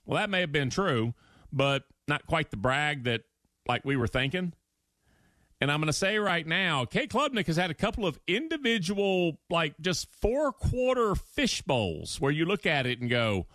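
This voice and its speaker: Animated man hosting sports radio. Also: a little high, unhurried, no room sound, studio quality. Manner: animated storytelling, acts out quotes, emphatic. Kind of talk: opinionated sports talk monologue.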